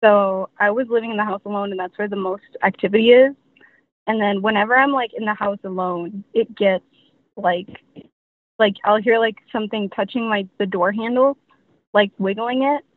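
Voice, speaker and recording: A woman's voice: medium pitch, normal speed, no room sound. A young woman telling her story as a guest, rambling with many fillers. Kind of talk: casual storytelling. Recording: tinny dry phone line.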